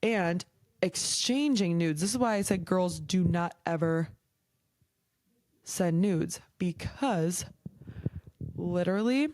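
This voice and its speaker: A woman's voice: fairly low pitch, slow pace, pauses often, a little mellow, dry recording. A young woman hosting a podcast, chatting casually and frankly, heated and swearing often, with a lot of "like". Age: young adult. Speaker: podcast host. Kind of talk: casual chat.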